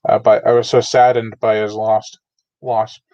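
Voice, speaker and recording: A man's voice: on the low side, level tone, measured pace, darkish tone, no echo. A man hosting a live unboxing stream, casually reading chat messages aloud and chatting with many fillers. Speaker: channel host. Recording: dull, lo-fi dry home mic.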